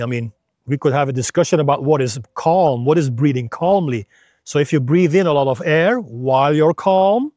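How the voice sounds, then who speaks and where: Male instructor, clear patient explainer, fairly high voice, dry close recording. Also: darkish tone, no room sound. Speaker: freediving instructor and coach. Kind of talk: explanatory video lesson.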